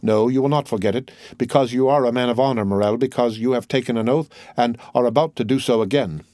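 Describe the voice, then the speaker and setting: A man's voice: mid-range voice, quick pace, dark tone, no echo, clean studio sound, natural voice. A man voicing a proud, grieving count who speaks in solemn, formal tones. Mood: grave.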